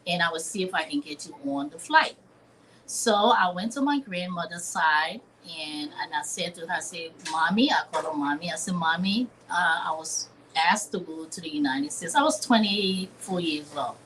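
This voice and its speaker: The rough recording, marked by a little hiss or hum, captures a Liberian chef in her fifties telling a personal story in a live interview. Her voice is on the low side and a bit bright, at normal speed, and she delivers it earnestly and dramatically, acting out the voices she quotes.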